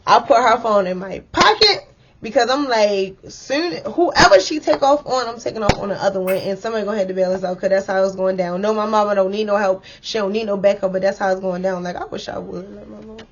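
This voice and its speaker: A young woman casually telling a story to her viewers, animated and full of "like" and "y'all". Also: medium pitch, brisk, dull audio, a little hiss or hum. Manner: chatty, animated, addresses viewers as y'all with many likes.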